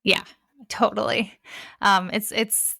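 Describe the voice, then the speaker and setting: A young woman in a relaxed interview, bouncing through her stories with bursts of laughter. She voices the people in her stories with playful lifts. Her sound is dry and close, with no room around it. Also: mid-range voice, takes it slowly, vocal fry, no echo. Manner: animated, acts out quoted dialogue with laughter. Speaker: guest, spiritual reader. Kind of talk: casual interview chat.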